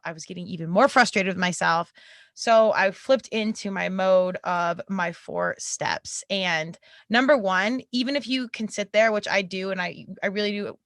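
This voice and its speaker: A woman's voice: mid-range voice, moderate pace, a bit bright, no room sound, clean studio sound. A young adult woman hosting her own podcast, talking candidly and conversationally, with a laugh slipping in now and then. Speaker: podcast host. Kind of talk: personal podcast monologue. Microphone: podcast mic.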